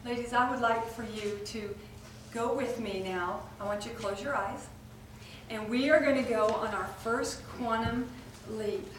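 A woman preacher in an impassioned sermon, swinging between loud outbursts and near whispers. Her high voice rings through an echoey room, caught from a distance with faint ambience behind. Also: measured pace, a little hiss or hum. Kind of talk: dramatic sermon to a women's audience.

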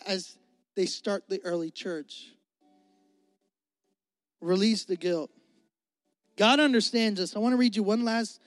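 Young male pastor, high voice, dry close sound, casual preaching. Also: dry recording. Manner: conversational preaching, acts out dialogue. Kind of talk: sermon.

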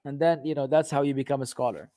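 A man's voice: mid-range voice, steady tone, fast talker, mellow. A man hosting a casual question-and-answer session, blunt and exasperated, joking around and dropping Arabic phrases into his talk. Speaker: host answering viewer questions. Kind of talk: casual live Q and A.

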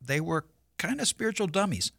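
A man's voice: on the high side, sing-song, brisk, gravelly, a bit bright, slightly rough, no room sound, clean studio sound. A man, a pastor, explaining his preaching in a thoughtful, easygoing casual chat.

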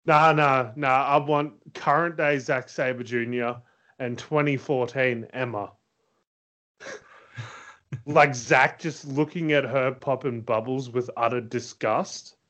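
A man co-hosting a casual wrestling podcast, excitable and quick to laugh. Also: mid-range voice. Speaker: podcast co-host.

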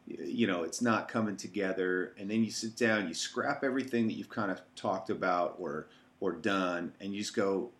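A man hosting a casual chat, asking slow, reflective questions. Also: low voice, a bit bright.

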